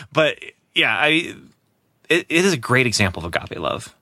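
Bright, dry-voiced chatty podcast host. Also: male voice, medium pitch, sing-song, unhurried, no echo. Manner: chatty, enthusiastic, laughs easily. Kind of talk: casual podcast chat.

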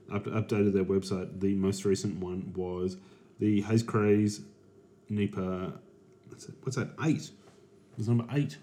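A man hosting a casual beer-review podcast, hesitant and full of pauses. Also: on the low side, warm tone. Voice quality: hesitant, full of ums and restarts. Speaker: podcast host.

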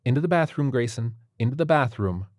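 A man's voice: medium pitch, expressive, fairly quick, darkish tone, no echo, clean studio sound, voice pushed up, lightly acted. A man voicing a tired, impatient young mother speaking in a curt, weary way. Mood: firm.

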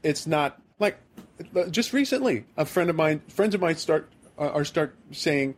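A man's voice: a little high, expressive, unhurried. A man from the American Midwest hosting a podcast, telling a rambling, self-deprecating story in casual chat. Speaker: podcast host.

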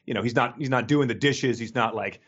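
A man's voice: medium pitch, fairly quick, fairly bright tone, slightly rough, lo-fi sound. A man co-hosting a podcast in casual chat, talking with many fillers and restarts and laughing often. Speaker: podcast co-host. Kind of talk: casual chat reviewing a book.

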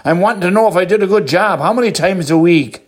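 A man's voice: fast talker, breathy edge. A man voicing a cheery, pushy little male leprechaun in a told joke. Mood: eager. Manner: eager, prodding, squeaks up in surprise.

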